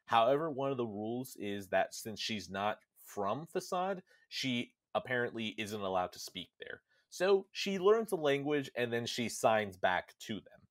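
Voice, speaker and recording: A man hosting a podcast, retelling a game's story in a casual, animated way and quickly jumping into quoted lines from the characters. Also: mid-range voice, no room sound, clean studio sound. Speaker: podcast host.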